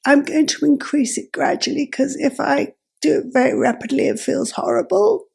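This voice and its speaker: A woman vlogger explaining step by step, her voice croaky and gravelly and breaking into breathy whispers, speaking in halting, self-correcting phrases. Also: high voice, a little mellow. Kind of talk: explaining while adjusting a device.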